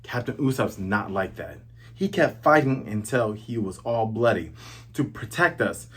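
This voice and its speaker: A man doing hushed, determined little boys. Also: lowish voice, expressive, unhurried, breathy edge, voice pushed down, full character voice. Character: brave little village boys whispering on the ground.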